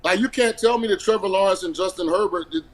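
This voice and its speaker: A man appearing as a guest analyst on a sports talk show. He talks fast in a high voice, rushing his points and restarting his sentences as he argues. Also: poor audio. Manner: quick, restarting, argumentative.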